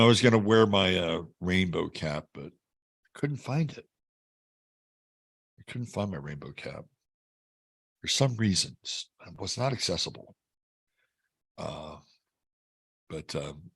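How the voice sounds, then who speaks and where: Chatty low-voiced man hosting astrology. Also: husky. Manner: chatty, jokey, lively. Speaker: astrology show host. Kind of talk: casual livestream chat.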